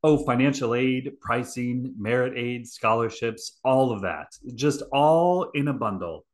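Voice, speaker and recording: A man co-hosting a podcast, cheerful and quick to laugh. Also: medium pitch. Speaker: podcast co-host. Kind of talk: casual podcast chat.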